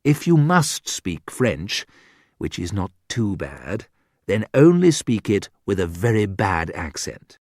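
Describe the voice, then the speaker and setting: A man reading a humorous book aloud as an audiobook narrator, in deliberate scripted narration. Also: on the low side, very animated, a little mellow, no room sound, clean studio sound.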